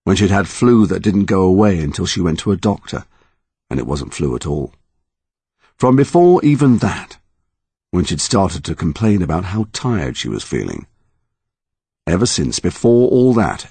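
A man's voice: sits low, gravelly, darkish tone, husky, no room sound. A man narrating a story in a dramatic, emotionally charged reading. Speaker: audiobook narrator.

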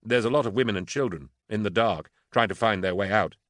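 Guy voicing a hesitant eager officer pushing to help, deep voice, dry. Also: brisk, fairly bright tone, no echo, close to an everyday voice. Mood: tentative. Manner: tentative, persuading.

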